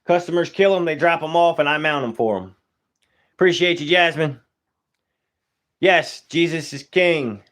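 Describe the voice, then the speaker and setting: A man's voice: on the high side, a little fast, a bit bright. Laid-back taxidermist man chatting on a live stream. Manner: laid-back, greets viewers by name, Southern-style casual grammar. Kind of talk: casual live stream chat.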